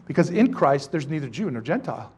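High-voiced man preaching a lively sermon. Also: quick pace, slightly rough. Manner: animated, joking, asks rhetorical questions. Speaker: pastor. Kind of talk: sermon teaching to a congregation.

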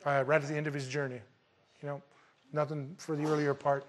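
A man preaching a verse-by-verse Bible sermon in an animated, colloquial way, with emphatic bursts. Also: fairly high pitch, fairly quick. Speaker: pastor.

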